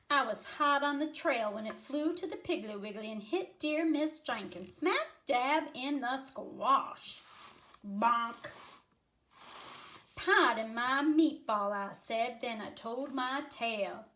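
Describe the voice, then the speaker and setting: A woman's voice: a little high, expressive, slow pace, fairly bright tone, a little hiss or hum. A woman voicing a talkative dog restaurant owner in a put-on Southern US accent, reading a picture book aloud. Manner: folksy storytelling drawl.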